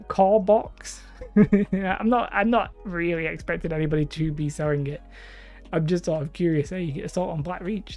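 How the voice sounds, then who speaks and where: A woman with a warm, fairly low voice hosts a live stream, chatting casually and rambling in a self-deprecating way as she reads out viewers' comments.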